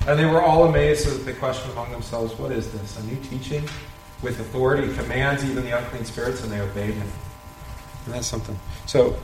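Man at mid pitch leading a casual Bible study, chuckles often, recorded in a roomy space. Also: fast talker, darkish tone, soft background music. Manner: conversational, asks rhetorical questions, chuckles often. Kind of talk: informal Bible study teaching. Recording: roomy echo, faint background noise.

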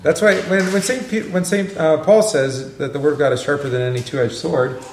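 A man's voice: a little high, fairly even intonation, normal speed, a little mellow. A man leading a casual Bible study, joking and quizzing his class as he reads passages aloud. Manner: chatty, joking, asks the class questions. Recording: echoey room, faint noise.

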